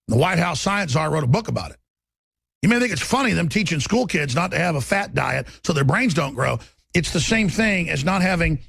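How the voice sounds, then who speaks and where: A combative talk-radio man with a Texas accent, his voice husky and raspy. He rants in a sarcastic, rambling flow, pitched high for a man. The sound is dry and close, with no room around it. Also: a bit bright, no echo. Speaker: radio talk show host. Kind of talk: ranting talk radio monologue.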